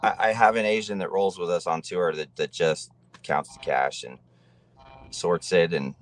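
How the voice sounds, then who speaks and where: A man's voice: sits low, fairly even intonation, normal speed. A man co-hosting a podcast as a rock musician, talking in an easygoing way with small hesitations. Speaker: musician co-host. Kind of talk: casual podcast chat.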